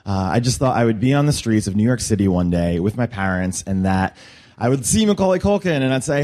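A young man telling a personal story to a room, lively, with high squeaky voices for quotes. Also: fairly quick. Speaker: storyteller at a workshop.

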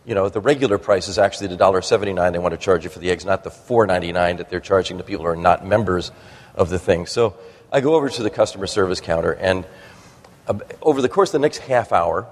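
A man's voice: sits low, fast. A man from New Jersey telling stories in a talk to an audience, rambling with frequent restarts and fillers. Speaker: speaker giving a talk. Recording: long reverb of a hall.

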